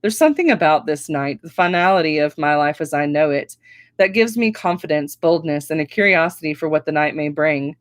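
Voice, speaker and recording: A woman reading her own novel aloud with expressive first-person storytelling. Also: sits low, a little fast, no room sound. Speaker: author reading her book.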